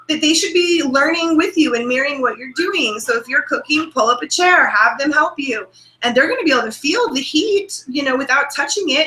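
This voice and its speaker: A woman's voice: high-pitched, pushed and bright, roomy sound, rough recording. A woman on a video call, explaining earnestly as a show guest, with frequent restarts. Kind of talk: casual video call chat.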